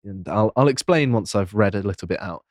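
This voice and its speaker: A man's voice: lowish voice, lively intonation, no echo, studio quality. A man co-hosting a political podcast, casually explaining and reading out quotes with frequent ums. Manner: reads quotes aloud, measured, frequent ums. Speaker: podcast co-host.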